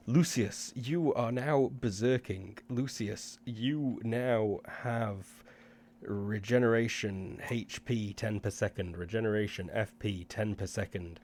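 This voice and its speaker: A relaxed man runs a tabletop game, narrating grisly changes and rules in a loose, joking way. His voice sits on the low side, and a faint hum runs under the recording. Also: slow. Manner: laid-back, laughs easily, swears casually. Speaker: game master. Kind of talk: running a tabletop game and signing off.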